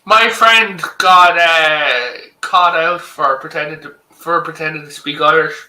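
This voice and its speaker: A man with a high, strikingly bright voice tells lively anecdotes in casual chat. He swears casually. The room around him is echoey. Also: a little slow. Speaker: guest in a livestream hangout. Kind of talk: casual chat, animated storytelling.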